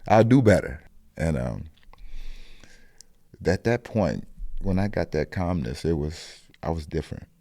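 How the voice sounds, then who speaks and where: A man's voice: extremely low pitch, lively intonation, a little slow, creaky, long pauses, dark tone, dry recording, clean studio sound. A man from the American Midwest, a podcast guest telling personal stories in an earnest, reflective way and often restarting his phrases. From Rock Island, Illinois, US. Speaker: podcast guest, corner store owner. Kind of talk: earnest conversational storytelling.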